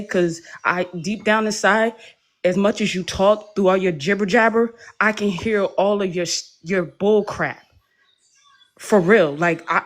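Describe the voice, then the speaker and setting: A woman from the United States, a panelist in a live audio debate, talking in a heated, blunt, confrontational way. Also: medium pitch.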